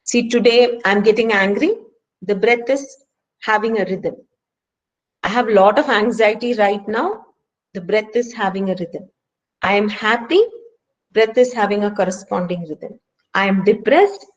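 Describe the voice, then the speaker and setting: A woman's voice: mid-range voice, unhurried, lo-fi sound. A woman with an Indian English accent leading a stress management workshop and speaking earnestly, with emphatic rhetorical questions. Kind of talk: online workshop lecture. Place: home, speaking remotely.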